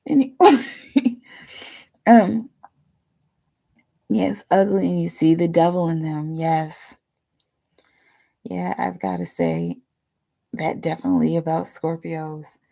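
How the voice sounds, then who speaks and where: A woman with a gravelly, fry-laden voice sits a little low in her range as she hosts a live tarot stream. She rambles in a loose, chatty way, filling gaps with fillers and dropping the odd curse. Her tone is mellow and dark rather than bright. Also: takes it slowly, pauses often. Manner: chatty, rambling, peppered with fillers and casual swearing. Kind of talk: casual livestream chat.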